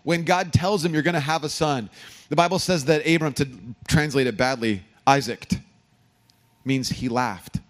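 A man, a pastor from California, preaching a sermon with humorous stories and animated emphasis. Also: a little high, normal speed. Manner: storytelling, joking asides, animated emphasis.

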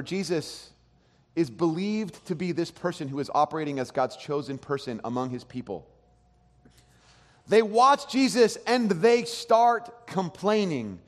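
A male pastor delivers a sermon with lively swings between hushed and loud. His voice sits a little high for a man. The sound rings with the long reverb of a large church hall.

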